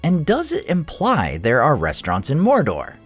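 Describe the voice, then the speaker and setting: A man hosting a fantasy lore channel, giving expressive scripted narration. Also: fairly high pitch, moderate pace, slightly rough, soft background music.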